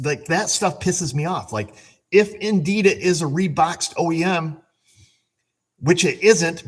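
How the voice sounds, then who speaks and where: A man who runs an auto repair shop tells a story in a casual, animated, exasperated way and swears as he rants. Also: fairly high pitch, slightly rough. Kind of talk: casual shop vlog rant.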